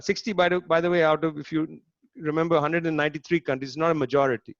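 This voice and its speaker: A man lectures in a fairly high, emphatic voice, sardonic and pointed, often throwing rhetorical questions at his listeners. The sound is dry and close, a little dull, as from an online talk. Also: fairly even intonation, fast, no echo. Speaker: speaker giving a political lecture. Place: online talk, home setup.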